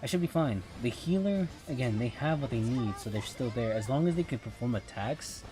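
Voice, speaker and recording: A man's voice: mid-range voice, animated, fairly quick, over music. Rambling man narrating his game. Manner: rambling, repeats "again" often. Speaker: streamer. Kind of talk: casual gameplay commentary.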